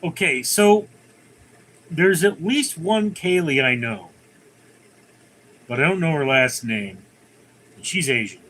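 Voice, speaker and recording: A man's voice: a little high, animated, slow, pauses often, fairly bright tone. A man hosting his own livestream, chatting casually, rambling through jokes and reading viewer comments aloud from his computer at home. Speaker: livestream host.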